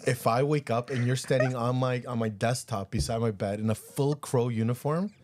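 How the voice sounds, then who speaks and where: A man's voice: mid-range voice, normal speed, darkish tone. Joking Canadian man podcast co-host. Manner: joking, protesting, mock-serious. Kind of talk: casual chat.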